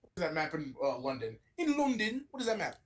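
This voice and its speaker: Animated young man ranting about games. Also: fairly high pitch, brisk, low-quality recording. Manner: rambling, animated, swears casually. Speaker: podcast co-host. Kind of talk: casual gaming chat.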